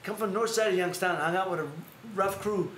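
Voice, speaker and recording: A man's voice: high voice, a little fast. A man hosting a live stream, chatting casually and acting out stories with quoted voices. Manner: animated storyteller who acts out quotes in others' voices. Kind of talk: casual storytelling chat. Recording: echoey room with faint noise.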